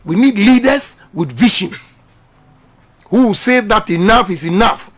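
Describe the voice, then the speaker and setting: In a radio interview, this middle-aged politician from Ghana uses a high, slightly bright, animated voice at a somewhat slow pace. His delivery is emphatic and repetitive, like a preacher driving home his points.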